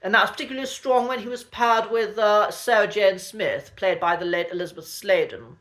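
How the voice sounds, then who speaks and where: A man's voice: high voice, fairly quick, a bit bright. A man, an accent coach, talking casually and thoughtfully through an educational topic.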